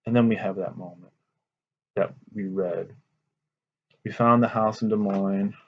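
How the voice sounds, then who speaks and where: A man with a slightly low voice reads a story aloud to a class and keeps stopping to talk it over. His manner is casual and conversational, and he checks in with his listeners. The recording sounds muffled and lo-fi. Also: fairly even intonation, a little slow, husky. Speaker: teacher. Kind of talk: reading a story aloud with commentary.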